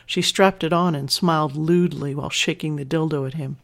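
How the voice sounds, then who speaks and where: A narrator reading an adult story aloud in a steady, measured way. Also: medium pitch.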